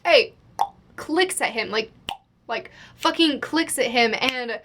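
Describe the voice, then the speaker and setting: A woman's voice: on the high side, slow, a bit bright, slight background noise. A young woman telling a storytime vlog to the camera, chatty and exasperated, full of "like". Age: young adult. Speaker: vlogger.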